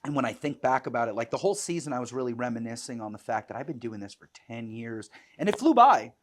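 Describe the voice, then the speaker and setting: A man, a dog sport judge, chatting casually on a podcast and telling lively stories, with many "you know" fillers. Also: mid-range voice, quick pace.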